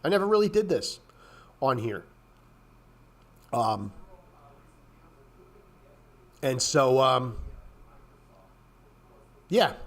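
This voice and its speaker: Casting: man, somewhat high voice, loose and profane market commentary, rambles, clears his throat a lot. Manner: rambling, blunt and profane, rising to exasperated rants. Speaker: trading show host.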